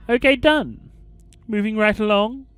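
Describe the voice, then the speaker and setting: A man's voice: sits high, a little slow, a bit bright, clean tone, no room sound. A man hosting a let's play, commenting casually and reading game text aloud in a theatrical storytelling way. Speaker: gaming channel host.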